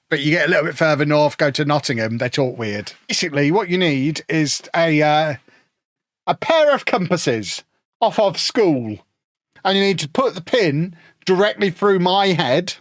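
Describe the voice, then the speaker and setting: A man from England chats his way through a football management game on a live stream, joking and answering his viewers. His voice sits a bit high for a man. The sound is dry and close. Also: no room sound. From Peterborough, England. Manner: chatty, joking, answering chat. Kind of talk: casual live-stream chat.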